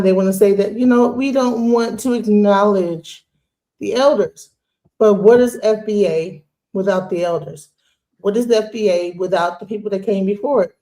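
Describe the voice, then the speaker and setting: A man's voice: sits high, mellow. A man in a streamed debate making an earnest case through a string of questions. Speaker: debate participant. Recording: echoey room sound.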